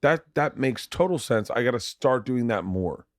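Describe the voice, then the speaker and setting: A man's voice: medium pitch, animated, moderate pace, no room sound, studio quality. A middle-aged man telling a family story at home in casual, rambling speech, repeating words as he goes. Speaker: podcast guest, husband. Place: home, late night.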